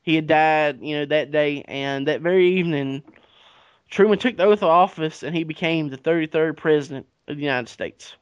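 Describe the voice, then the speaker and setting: A man's voice: a little high, normal speed, clear, resonant tone, dry recording. A man, casually retelling history on a podcast with profanity and acted-out dialogue. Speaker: podcast co-host. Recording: dull lo-fi recording.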